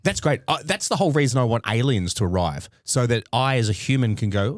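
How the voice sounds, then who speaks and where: A man, co-hosting a comedy podcast with playful, quick banter. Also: mid-range voice, expressive, no echo, studio quality. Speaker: podcast co-host. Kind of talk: casual podcast chat.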